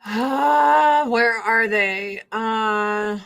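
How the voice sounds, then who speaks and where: A woman's voice: fairly high pitch, very slow. A woman hosting a casual chat, telling family stories full of swearing and acting out her relatives' voices. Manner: profane, animated storytelling; acts out relatives in quoted voices. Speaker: host.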